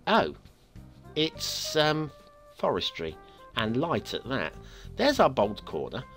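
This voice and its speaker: A man's voice: mid-range voice, wildly swooping pitch, takes it slowly, a bit bright, faint music behind. A man hosting a game map review show, talking in a chatty, upbeat way with playful asides.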